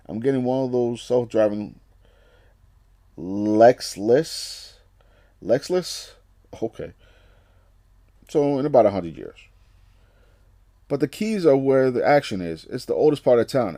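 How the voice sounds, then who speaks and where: A man's voice: medium pitch, dark tone, no room sound, clean studio sound, close to an everyday voice. A man voicing a chatty young male superhero from a comic book, reading his lines in an eager, rambling way.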